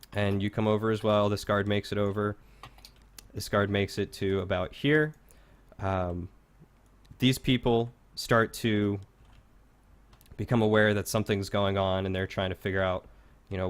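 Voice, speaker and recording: A man narrating a tabletop game as game master, in a casual, filler-heavy manner. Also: lowish voice.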